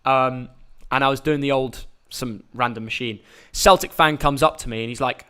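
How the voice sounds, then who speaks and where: A man's voice: medium pitch, moderate pace, bright, forceful tone, clean tone. Chatty young man rambling. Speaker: YouTube host. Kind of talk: casual live-stream chat.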